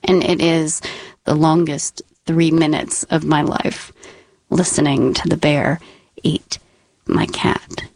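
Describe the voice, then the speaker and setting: A woman spins a personal story at an unhurried pace, her humor dry and wry. She sinks into a tense whisper when the story turns scary. The recording is close and dry, with no room sound. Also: deep voice, fairly even intonation, gravelly, a little mellow, no room sound.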